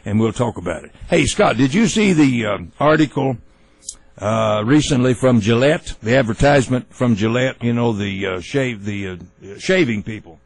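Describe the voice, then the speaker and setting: A man hosting a talk radio show, giving opinionated commentary in a folksy, halting way with many fillers and restarts. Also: medium pitch, expressive, vocal fry, dry recording, rough recording.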